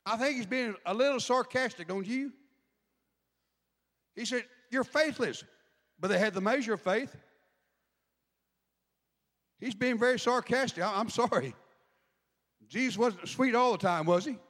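A man's voice: extremely high pitch, normal speed, long pauses, a bit bright. A man preaching a sermon, chatty, asking the congregation questions as he goes. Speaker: pastor. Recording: long hall reverb.

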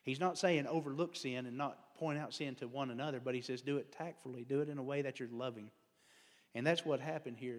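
A man preaching a folksy, conversational sermon as a lay speaker, drifting into digressions and self-deprecating humor. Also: mid-range voice. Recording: long hall reverb.

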